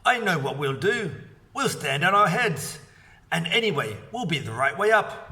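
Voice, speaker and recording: Man doing a gasping nasty old guy, high and worked up, mic distant. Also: sing-song, moderate pace, bright, forceful tone, full character voice. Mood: flustered. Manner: gasping, flustered.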